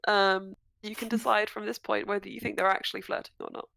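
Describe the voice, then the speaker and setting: A woman narrating as game master of a tabletop game, chatty and quick to laugh. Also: medium pitch, little pitch movement, vocal fry, fairly bright tone.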